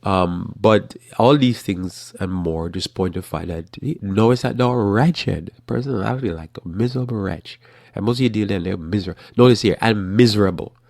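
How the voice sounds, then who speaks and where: This host has a deep, gravelly voice and runs a laid-back show on religious current events. His delivery is flat and matter-of-fact, full of rambling and restarted sentences at a moderate pace, captured close and dry without any room sound.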